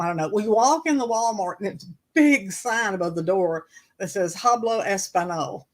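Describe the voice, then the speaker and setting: A co-host of a couple's channel, this woman has a mid-range voice and a Southern American accent, speaking at a moderate pace on a rough recording. She's a chatty storyteller in casual conversation, and she picks up and mimics the accents she hears around her.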